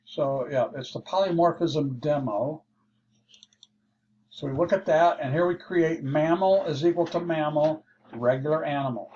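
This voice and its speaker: A man explaining code in a slow, unhurried lesson, his voice a little higher than most men's. He thinks aloud as he goes, walking through each step. The sound is dull and lo-fi, with a faint hiss underneath. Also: dark tone. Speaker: programming instructor. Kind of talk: screen-share coding lesson.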